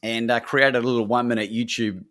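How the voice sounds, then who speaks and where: An Australian man, a guest courage coach, telling lively stories on a podcast and acting out the dialogue. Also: medium pitch, fast. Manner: animated storyteller, acts out dialogue. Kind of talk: podcast interview storytelling.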